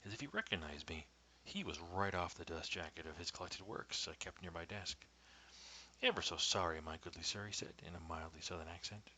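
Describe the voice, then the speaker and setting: Brief: man, low voice, measured first-person storytelling, slips into hushed whispers, faint hiss. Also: low-quality recording. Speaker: storyteller reading his own story.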